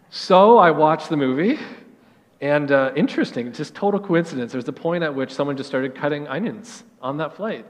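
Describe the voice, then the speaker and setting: A middle-aged man, preaching a sermon in earnest storytelling fashion, dropping soft at key phrases. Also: on the high side, expressive, fairly quick, in a large hall. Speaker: pastor.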